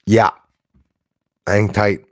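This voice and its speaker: A man's voice: fairly low pitch, level tone, very slow, no echo, studio quality. A man hosting a casual live stream from his old house, rambling, greeting viewers by name and swearing now and then. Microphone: desk microphone.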